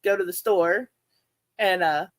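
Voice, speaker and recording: A woman, hosting her aquarium vlog and chatting casually, laughing often and jumping into high-pitched reenactments of her own reactions. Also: a little slow. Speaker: aquarium channel host. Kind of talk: casual chat to livestream viewers.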